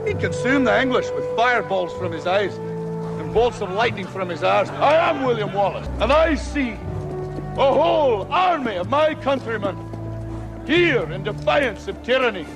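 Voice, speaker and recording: A man's voice: sits high, expressive, moderate pace, music in the background. A man with a Scottish accent playing a defiant rebel leader, giving a rousing speech to an army in a film clip. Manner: rousing, building to shouts. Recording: film clip under orchestral score.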